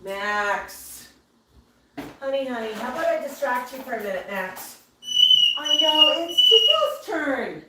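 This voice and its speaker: A woman hosting a casual livestream, talking softly and coaxingly to her pet parrots between reading viewer comments. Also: high-pitched, very animated, unhurried. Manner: soothing baby-talk to her parrots. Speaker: parrot keeper and livestream host. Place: indoor room with parrots. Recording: echoey room, heard from a distance. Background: faint noise and birds.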